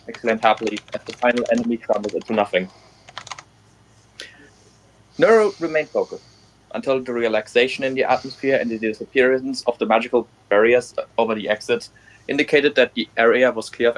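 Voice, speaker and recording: A man's voice: mid-range voice, brisk. Man casually reading a fan story aloud. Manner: reading aloud with small slips and restarts. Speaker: fanfic reader. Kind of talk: casual read-aloud narration.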